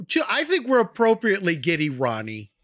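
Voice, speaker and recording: A woman co-hosting a casual podcast, cracking deadpan jokes. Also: mid-range voice, a little fast, no echo, clean studio sound. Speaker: podcast co-host. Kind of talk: casual chat.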